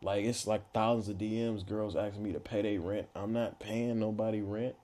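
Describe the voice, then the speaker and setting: A man's voice: lowish voice, fairly even intonation, normal speed, mellow. A man in his twenties, a podcast guest, chatting casually in a laid-back, slangy, playfully boastful way. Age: 20s. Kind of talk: casual chat.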